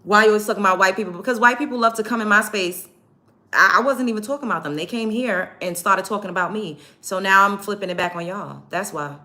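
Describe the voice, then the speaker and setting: Blunt, profane woman with a bright voice. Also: medium pitch, quick pace. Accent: African American English. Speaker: vlogger. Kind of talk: get-ready-with-me rant to camera.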